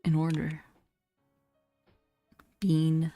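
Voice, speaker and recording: A woman streaming a horror game, chatting casually and bluntly, swearing and laughing often, her voice a little hoarse. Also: sits low, completely flat delivery, very slow, mellow, faint music behind. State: slightly hoarse. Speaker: VTuber streamer. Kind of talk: casual gameplay commentary.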